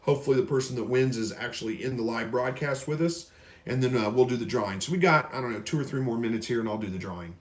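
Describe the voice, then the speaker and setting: Hosting a laid-back live stream, a man from Missouri reads questions from viewers and rambles through folksy answers. He talks fast in a mid-range voice, recorded with a roomy echo.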